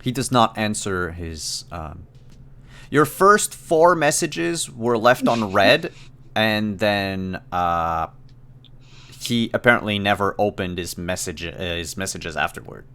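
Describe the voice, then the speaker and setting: A man with a fairly low voice narrates a tabletop game as its game master. He takes his time, pausing on fillers as he describes what the players find. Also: smooth. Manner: relaxed, hesitant narration with many fillers.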